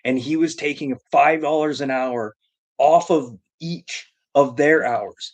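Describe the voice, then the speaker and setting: A man's voice: a little high, slow pace. A man hosting a live stream who tells a long comedic story in a rambling, profane, emphatic way.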